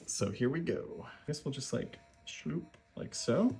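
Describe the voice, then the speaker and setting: A man's voice: mid-range voice, lively intonation, a little slow, hardly any pauses, darkish tone, slight background noise. A man hosting a casual home cooking vlog from his kitchen, narrating each step with wry, self-deprecating jokes. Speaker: home cooking show host.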